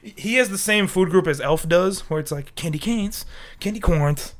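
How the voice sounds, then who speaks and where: A man's voice: high-pitched, normal speed. A sick young man co-hosting a podcast, rambling in casual, profane chat and laughing often. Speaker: podcast co-host.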